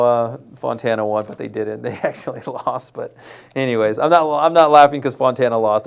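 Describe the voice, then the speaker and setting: A man hosting a live studio show, talking over high school football highlights in a loose, chatty way and joking with his crew. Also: clear, resonant tone. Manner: loose and chatty, jokes with crew, stumbles on names.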